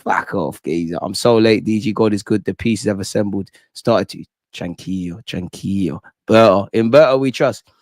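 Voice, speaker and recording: Excitable young man ranting. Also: fairly low pitch, brisk, no room sound, studio quality. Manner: excitable, slangy, swears, reads chat aloud. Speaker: football fan channel host. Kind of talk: live post-match reaction stream.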